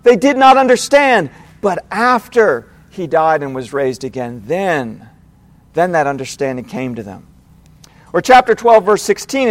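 A man preaching an expository sermon, asking rhetorical questions and swinging widely in pitch and loudness.

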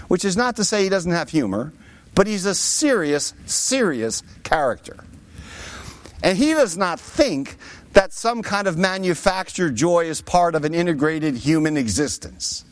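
A man's voice: sits high, sing-song, unhurried. A man preaching a sermon, with rhetorical asides to his listeners. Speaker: pastor.

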